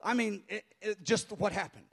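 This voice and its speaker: Man, pastor, high voice, animated storytelling sermon, halting restarts, sudden outcries. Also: vocal fry, slightly rough. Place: speaking before a live congregation in a hall.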